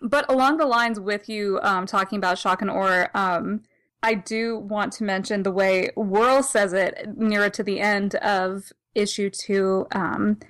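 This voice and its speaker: Woman, podcast co-host, mid pitch, casual chat, rambling, laughs often. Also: fairly even intonation, measured pace, fairly bright tone. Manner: rambling, laughing, self-correcting. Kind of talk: casual comic discussion.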